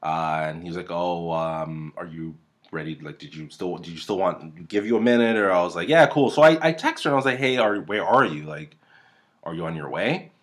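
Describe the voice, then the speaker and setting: In his 30s, a podcast host sits at a close desk mic in a room at home, casually spinning a rambling, profane story. His voice is low-pitched and expressive, brisk and a touch bright.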